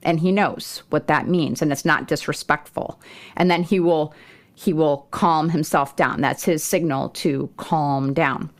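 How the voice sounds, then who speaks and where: A woman's voice: deep voice, steady tone, a little slow. A middle-aged woman hosting a homeschool parenting podcast, talking conversationally with fillers and restarts. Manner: warm, conversational, with occasional laughs and fillers. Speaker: podcast host.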